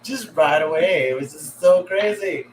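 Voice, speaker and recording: A man's voice: fairly high pitch, normal speed, a crowd in the background, low-quality recording. A man in casual podcast chat, telling rambling, crude stories with fillers and laughs. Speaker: podcast co-host.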